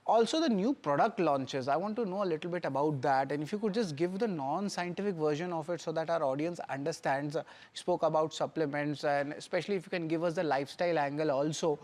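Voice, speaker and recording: A man hosting a business news show, asking long, hesitant questions full of fillers. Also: on the high side. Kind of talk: interview questions.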